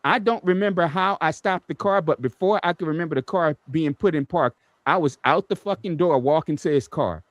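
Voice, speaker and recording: A man's voice: on the high side, a little fast, hardly any pauses, no room sound. A man on a podcast panel, swearing freely and telling a story with lots of energy in casual chat. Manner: profane, animated storytelling.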